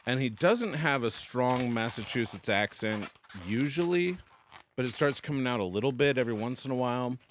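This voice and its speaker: Lively jokey man chatting. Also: medium pitch, moderate pace, a little hiss or hum. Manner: jokey, lively, slips into a mock Boston accent. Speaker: co-host. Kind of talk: casual chat.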